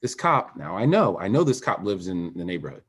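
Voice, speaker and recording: A man who is a former Olympic swimmer, a podcast guest telling a personal story in a candid and emphatic way, dropping quiet and then rising. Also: low voice, brisk, husky. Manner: animated, emphatic, swings between quiet and raised.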